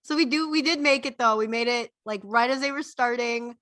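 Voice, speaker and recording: Casting note: young woman, bright and slightly high, laid-back self-mocking banter, dry close mic. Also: brisk, dry recording. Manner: self-deprecating, giggly. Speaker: podcast co-host. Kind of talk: casual chat.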